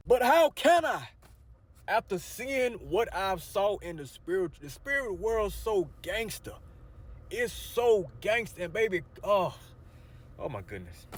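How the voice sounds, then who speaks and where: A man telling spiritual war stories from inside his car, animated and preachy, swinging from loud outbursts to low murmurs. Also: a little hiss or hum. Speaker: storyteller, spiritual vlogger. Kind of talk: casual storytelling to camera.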